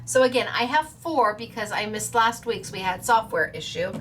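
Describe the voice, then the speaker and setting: A woman's voice: mid-range voice, animated, normal speed, a bit bright, a little hiss or hum. A woman hosting a craft show in casual chat, bubbly and playful as she announces giveaway winners. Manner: bubbly, playful, stumbles over names with laughs.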